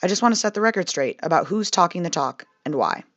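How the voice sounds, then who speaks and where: A woman's voice: fairly low pitch, animated, fast, no room sound. A young woman with a Midwestern American accent, reading a scripted narration in a wry, conversational way. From Midwestern United States. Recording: slightly dull, dry voice-over.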